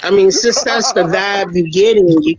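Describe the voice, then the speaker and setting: A man's voice: high-pitched, normal speed, highs cut off, crowd noise. A man on a stream panel, defensive and laughing off the teasing in a casual chat. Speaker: panelist being teased.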